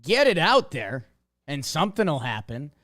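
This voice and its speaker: Lively-voiced man, easygoing podcast banter. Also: on the high side, moderate pace. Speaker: podcast co-host. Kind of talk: casual sports podcast banter.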